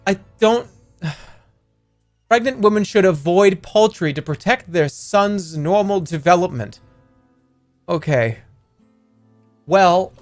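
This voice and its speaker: A man streaming live in casual chat, excitable and prone to loud, incredulous outbursts. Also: high voice.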